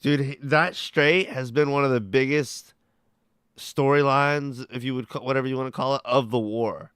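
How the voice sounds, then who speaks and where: A man's voice: mid-range voice, fairly even intonation, normal speed, a bit bright, clean tone, no room sound, clean studio sound. A male host giving profane, mocking commentary on news clips, talking bluntly and swearing freely. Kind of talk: profane, heated political commentary.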